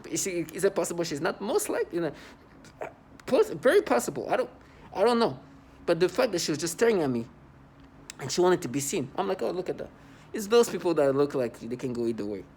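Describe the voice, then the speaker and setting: In New York City, a vlogger with a fairly high, sing-song, slightly mellow voice speaks fast, with a little hiss or hum behind him. He rambles scornfully to his viewers, repeating himself and bursting into mocking laughter.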